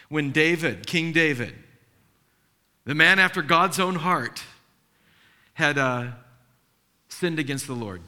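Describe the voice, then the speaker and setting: A middle-aged male pastor preaching a sermon, telling stories in an animated, earnest and emotional way and acting out the dialogue. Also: medium pitch.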